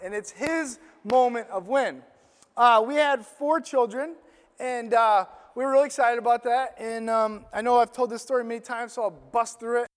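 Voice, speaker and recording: A middle-aged man preaching a sermon as a personal story, animated and self-deprecating. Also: very high-pitched, moderate pace. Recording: long hall reverb.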